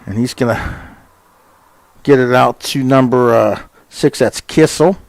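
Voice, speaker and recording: Chatty folksy man calling high school soccer. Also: creaky, dry recording. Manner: folksy and chatty, with many fillers, quickening on shots. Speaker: play-by-play announcer. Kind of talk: casual sports commentary.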